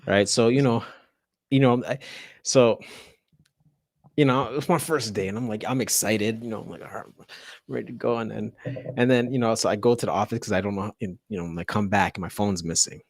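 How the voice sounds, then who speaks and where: A man's voice: lowish voice, steady tone, a little fast, no echo, clean studio sound. A man, a teacher, telling a story in casual chat, laughing often and acting out the people in it.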